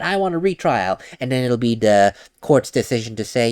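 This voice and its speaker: A man's voice: mid-range voice, fairly quick, few pauses, a little mellow, clean tone. A man hosting a let's play, commenting casually on the game between read lines. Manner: chatty, explains with mock quotes.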